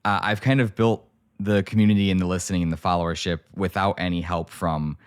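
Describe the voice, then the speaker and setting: A young man with a notably deep voice hosts a casual podcast chat. He tells stories animatedly, full of fillers and restarts. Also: fairly quick, clean tone, dry recording, clean studio sound. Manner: animated storytelling, many fillers. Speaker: podcast host.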